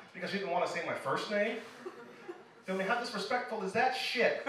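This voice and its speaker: A man's voice: high-pitched, a little fast. A man from Illinois doing a live stand-up set in a small club, telling loose, profane stories and laughing at his own jokes. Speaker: stand-up comedian. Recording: echoey club, mic from a distance, noisy.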